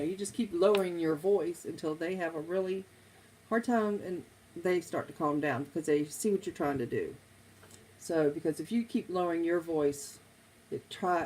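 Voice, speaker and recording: A woman's voice: low-pitched, moderate pace, a little mellow, slight background noise, poor audio. A middle-aged woman, chatting casually with viewers on a stream, rambling from one topic to the next. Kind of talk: casual live chat.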